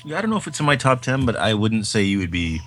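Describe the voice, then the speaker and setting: A man's voice: on the low side, very animated, quick pace, fairly bright tone, soft background music. A man co-hosting a podcast, chatting casually about films in a rambling, enthusiastic way with lots of fillers. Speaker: podcast co-host. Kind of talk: casual film chat.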